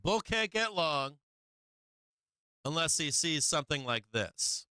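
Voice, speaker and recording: A man hosts a live stock market stream, walking through charts, throwing rhetorical questions at viewers and chatting to his cat. His fairly high voice swings widely in pitch at a slow pace, with a sharp, clear, resonant tone and no room sound.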